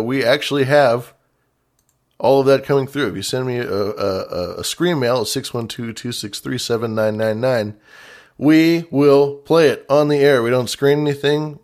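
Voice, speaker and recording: A man's voice: medium pitch, darkish tone. A man hosting a casual call-in show, playful and mock-dramatic, repeating lines for effect. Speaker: radio show host.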